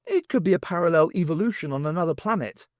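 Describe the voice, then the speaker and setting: Man doing an earnest time traveller, measured, reassuring, lively lilt. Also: on the high side, no echo, clean studio sound, pitched above the performer's own voice, lightly acted.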